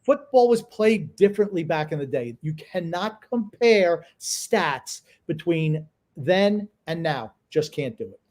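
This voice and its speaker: A man's voice: a little high, animated, measured pace, few pauses, a little mellow. A man co-hosting a casual sports podcast, blunt and opinionated, swearing freely as he argues. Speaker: podcast co-host.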